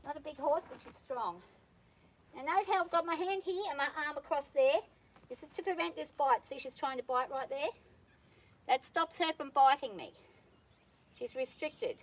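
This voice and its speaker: A woman handling a horse on a farm who talks calmly and patiently, coaxing the animal softly and explaining each step to viewers. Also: high voice, moderate pace, long pauses. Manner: calm and patient, coaxing the horse in a soft praising voice; explains steps plainly to viewers while working. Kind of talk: hands-on training commentary. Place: outdoors on a farm.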